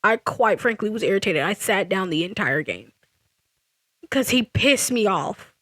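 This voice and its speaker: A young woman telling a casual storytime vlog, animated and sassy, with frequent restarts and laughter. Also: mid-range voice, a little slow, no room sound, clean studio sound. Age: young adult. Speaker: vlogger.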